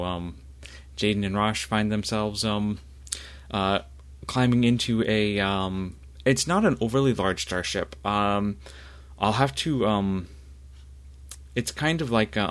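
Guy running a tabletop game, lots of ums, lowish voice. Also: a bit bright. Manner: halting, heavy with fillers. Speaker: game master.

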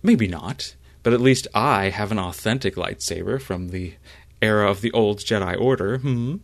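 A man's voice: lowish voice, a little slow, vocal fry, a bit bright, no echo. A man voicing a haughty young female Jedi initiate who boasts and needles. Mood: smug. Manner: snide, boastful.

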